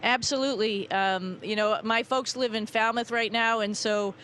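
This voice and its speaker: A woman astronaut with a Boston accent, chatting in a relaxed way with many fillers during a live interview from the space station. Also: fairly high pitch, normal speed, a little hiss or hum. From New England, USA. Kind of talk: live downlink interview answers.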